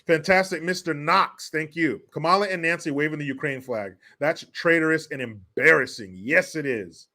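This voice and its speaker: A man's voice: a little high, normal speed, hardly any pauses, sharp tone. A middle-aged man hosting a commentary show, ranting angrily and sarcastically with a lot of swearing while he reads out viewer messages.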